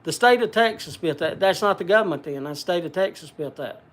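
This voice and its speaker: A man's voice: sits high, expressive, fairly quick, a bit bright. An older man hosting a casual livestream, rambling in a folksy country way and answering viewer comments. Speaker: livestream host.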